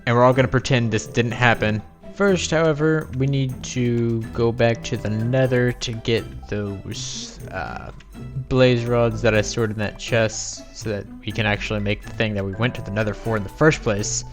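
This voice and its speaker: A man in the middle of a gameplay session, griping at his own mistakes in a loose, rambling, self-mocking flow. His voice sits at an ordinary middle pitch. Soft music plays quietly underneath him. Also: fairly even intonation, moderate pace. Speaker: video game let's-play host. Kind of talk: casual gameplay commentary.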